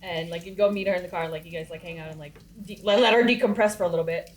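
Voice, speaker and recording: A woman's voice: fairly low pitch, racing. A woman chatting casually among friends, rambling with lots of "like" fillers. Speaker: dance company member. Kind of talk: casual chat.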